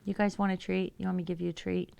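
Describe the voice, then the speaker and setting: Woman streamer, kinda low gravelly voice, chatty, reads chat and talks to her cats. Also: level tone, racing, darkish tone. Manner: chatty, laughs often, reads viewer messages aloud; goes high and sing-song when talking to her cats. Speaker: livestreamer. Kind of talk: casual live-stream chat.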